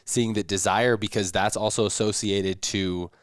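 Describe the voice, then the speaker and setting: A man co-hosting a podcast in casual chat, laughing easily and getting animated when telling stories. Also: fairly low pitch, normal speed, no echo, clean studio sound. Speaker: podcast co-host.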